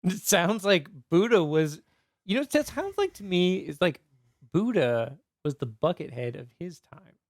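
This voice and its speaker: A fairly high male voice with a gravelly, fry-laden edge and a dry sound. He hosts a podcast in casual, joking chat and fumbles names as he goes. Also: sing-song, normal speed, no room sound. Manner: laid-back, joking, stumbles over names. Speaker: podcast host.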